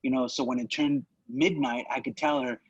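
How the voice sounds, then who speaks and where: A man's voice: medium pitch, fairly even intonation, moderate pace, husky, no echo, highs cut off. A man co-hosting a podcast, telling a rambling story in casual chat, with lots of "you know" and "right?". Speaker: podcast co-host.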